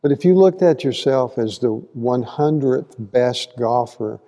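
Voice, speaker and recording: A man's voice: mid-range voice, lively intonation, a little slow, dark tone, in a large hall. A man teaching a conversational Bible class, folksy and asking the listeners questions as he goes. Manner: folksy, asks the audience questions, acts out quotes. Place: church hall.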